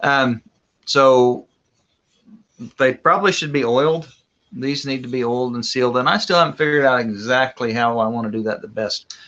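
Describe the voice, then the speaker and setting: A man's voice: medium pitch, normal speed, a bit bright, dull audio. A man co-hosting a homestead livestream in a casual, folksy way, answering viewer questions. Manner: easygoing, folksy, reads viewer comments aloud. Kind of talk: casual live-stream chat.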